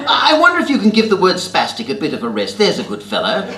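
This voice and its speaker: A man's voice: sits high, huge pitch swings, fast talker, distant mic, very noisy, pitched above the performer's own voice, full character voice. A man putting on a plummy old British lord. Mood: genteel rebuke. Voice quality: plummy, fey, overly polite. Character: pompous elderly upper-class British male lord. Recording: roomy hall.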